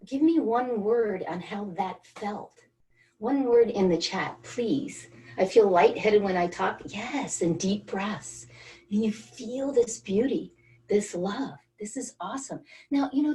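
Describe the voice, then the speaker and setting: A woman's voice: mid-range voice, warm tone, recorded from a distance. A woman wellness coach leading an online group through a guided energy exercise, coaxing and encouraging participants by name. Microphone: video call.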